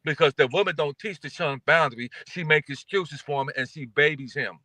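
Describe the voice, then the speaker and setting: A man's voice: on the high side, brisk, sharp tone, no echo. A man in his fifties telling stories in a casual chat, acting out the people in them. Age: 50s.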